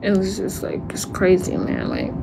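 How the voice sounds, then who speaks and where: A woman livestreaming an emotional monologue, upset and distressed, speaking haltingly, repeating phrases and trailing off into sighs. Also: mid-range voice, wildly swooping pitch, gravelly, background noise.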